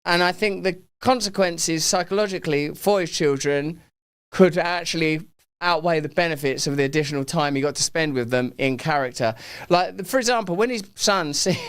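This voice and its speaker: A man's voice: fairly high pitch, normal speed, smooth. A middle-aged English man hosting a live talk show, riffing playfully and rambling with his studio crew. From England. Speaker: host. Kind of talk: casual live show chat.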